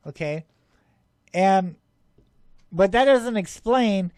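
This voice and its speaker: A man hosting a UFO show, excitedly talking over his own footage, rambling, laughing often and scoffing at skeptics. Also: sits high, very slow, no room sound. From Arizona, USA.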